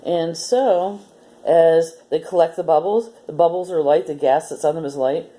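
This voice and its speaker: Female story time host for kids; low, mellow voice, gentle and patient. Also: steady tone, normal speed. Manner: gentle, explaining step by step. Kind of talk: reading a story aloud to children, then a simple demo.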